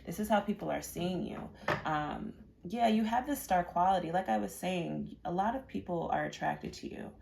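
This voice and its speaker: Female tarot reader, low gravelly voice, casual and rambling delivery. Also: moderate pace, darkish tone. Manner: chatty and rambling, with many fillers and repeated words. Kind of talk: casual pick-a-card tarot reading.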